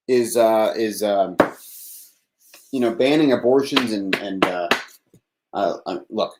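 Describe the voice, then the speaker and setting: A man from Texas talks loosely through a live nightly show, rambling and breaking into laughter. His pitch leaps up and down a lot. The room around him has a noticeable echo. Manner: rambling, laughs often, swears. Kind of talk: casual live-stream monologue.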